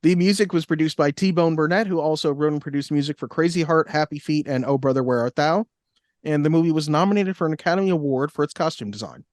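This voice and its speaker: A man's voice: on the high side, fast, darkish tone, dry recording. A man co-hosting a podcast, reading out facts and adding dry jokey asides. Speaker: podcast co-host. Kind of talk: casual chat, reading facts.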